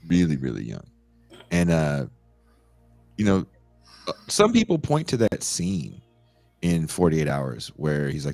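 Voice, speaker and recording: A man's voice: very deep voice, gravelly, no room sound, soft background music. A man hosting a podcast, chatting casually and animatedly about old movies. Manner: animated, laughing, quick asides. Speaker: podcast host.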